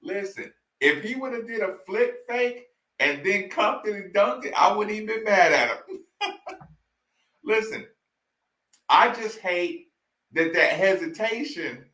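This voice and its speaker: A man hosts a casual chat, laughing often and repeating his lines to the audience. His voice is high and bright, and he talks at an unhurried pace. The sound is roomy and echoey. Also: animated. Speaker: host reacting to old game footage.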